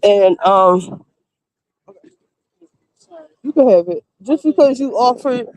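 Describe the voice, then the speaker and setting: A woman streamer telling casual stories in a blunt, animated way, acting out the people she quotes. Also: on the high side, slow pace, dry recording. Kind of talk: casual storytelling.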